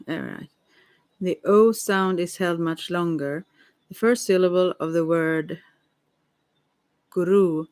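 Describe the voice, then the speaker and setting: A woman softly reading a text aloud for ASMR, hushed and unhurried, now and then stumbling over words and apologizing. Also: lowish voice, no echo. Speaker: ASMR reader. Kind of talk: soft-spoken ASMR reading.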